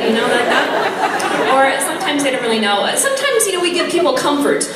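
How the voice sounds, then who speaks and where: A woman's voice: high-pitched, expressive, fast talker. A woman from South Texas with a Texan accent, a nun giving a funny, faith-filled talk to a conference crowd and laughing at her own stories. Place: large conference hall. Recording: echoey hall, speaker far off, crowd noise.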